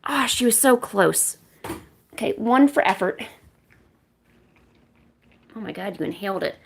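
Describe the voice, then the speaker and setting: A woman's voice: mid-range voice, lively intonation, unhurried, creaky, pauses often. Playful woman coaxing her cats. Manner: coaxing and playful with pets, soft asides. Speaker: art streamer. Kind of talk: casual chat with her cats on a stream.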